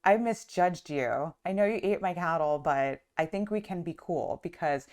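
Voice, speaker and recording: A woman's voice: on the low side, lively intonation, moderate pace, darkish tone. A woman voicing a male sun god who is furious about his stolen cattle and then awed by music, in a casual storytelling aside. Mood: awestruck. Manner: indignant, then gushing.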